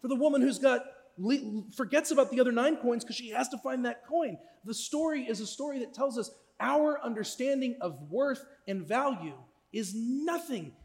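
A man preaching a sermon as a pastor, in a conversational way, often checking in with listeners with a quick question. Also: extremely high pitch, lively intonation, vocal fry, in a large hall. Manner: conversational, asks listeners "right?".

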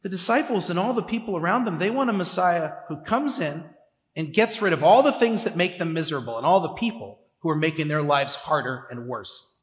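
A man's voice: fairly high pitch, very animated, brisk. A man preaching a sermon in a conversational way, with emphatic repetitions, in a church sanctuary. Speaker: pastor. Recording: echoey hall with long reverb.

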